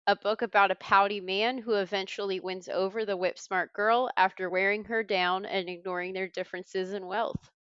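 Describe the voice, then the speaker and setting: A woman's voice: medium pitch, steady tone, normal speed, hardly any pauses, fairly bright tone, clear, resonant tone, no echo, dull audio. A woman hosting a trivia podcast, reading clues with a wry tone. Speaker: quiz host.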